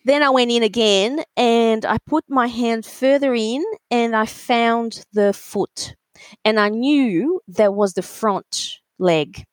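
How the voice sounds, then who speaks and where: A woman telling a story in a casual interview, animated and full of fillers, acting out other people's voices. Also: fairly high pitch, slow, no echo. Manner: animated, acts out voices in quotes, many fillers. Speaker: alpaca breeder, guest.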